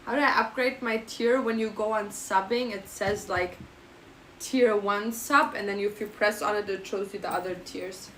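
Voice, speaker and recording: A woman's voice: medium pitch, fairly even intonation, normal speed, a bit bright, a little hiss or hum, poor audio. A young woman streamer with a German accent, chatting playfully and reading out her live chat. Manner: playful, jokey, switching into silly mock phrases.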